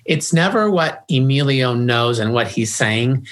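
A man's voice: mid-range voice, lively intonation, measured pace, a bit bright. A middle-aged man guesting in an interview, speaking earnestly and often restarting and repeating his words. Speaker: grief organization founder, guest. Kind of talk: conversational interview.

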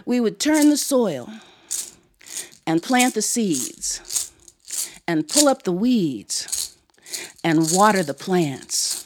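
A woman's voice: medium pitch, big pitch swings, extremely slow, long pauses, slight background noise. A woman storyteller from Ohio, telling a family story live before a studio audience and breaking into song to lead them in call-and-response. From Ohio, USA.

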